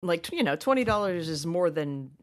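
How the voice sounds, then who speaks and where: A woman's voice: fairly low pitch, very animated, a little fast. A woman co-hosting a podcast, talking casually and rambling with many fillers and restarts. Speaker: podcast co-host. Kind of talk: casual recap chat.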